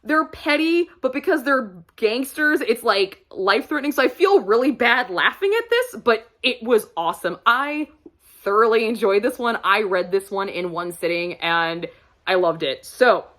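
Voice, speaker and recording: A woman's voice: mid-range voice, fairly bright tone. A woman reviewing books in a casual vlog, chatty and gushing, laughing often as she talks. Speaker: book reviewer.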